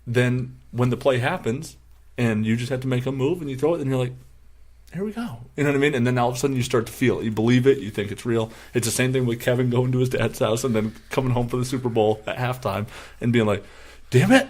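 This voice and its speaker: A man's voice: mid-range voice, fast. A young man in a middle register chats casually about sports on a podcast. He tells long stories and acts out the voices of his friends with bursts of energy and plenty of profanity. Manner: animated storyteller who acts out quoted friends loudly and profanely. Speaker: podcast co-host.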